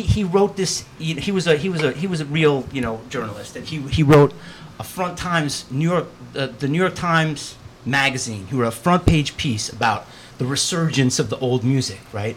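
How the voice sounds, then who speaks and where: A man with a slightly raised voice tells rambling, profanity-laced stories in a loose, animated way. A faint hiss of background noise sits under his voice in a talk studio. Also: fairly high pitch, a little fast. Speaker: guest. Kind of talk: casual storytelling chat.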